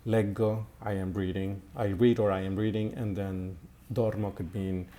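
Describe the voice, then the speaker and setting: A man teaching an Italian grammar lesson in a slow, halting way, with many fillers and repeated words. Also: lowish voice, little pitch movement, warm tone. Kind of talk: recorded language lesson.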